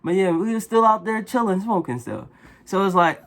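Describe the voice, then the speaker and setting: A man vlogger telling a casual story in an animated, exasperated, slangy way. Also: high voice, normal speed.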